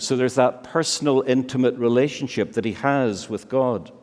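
A man preaching a sermon, slow and emphatic, with many searching rhetorical questions. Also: mid-range voice, a little mellow. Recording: long reverb of a large hall.

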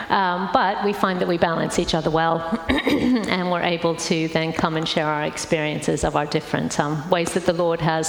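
A woman speaks as a guest preacher, chatty and earnest, often pausing on "um". Her voice rings with the long echo of a church hall. Faint ambient noise sits underneath. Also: medium pitch. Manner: warm conversational preaching with many fillers. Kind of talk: sermon talk.

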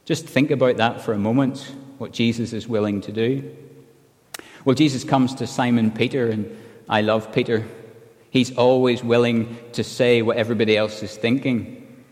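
A man's voice: medium pitch, darkish tone. A man preaching an earnest expository sermon, now and then acting out quoted lines. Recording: long hall reverb.

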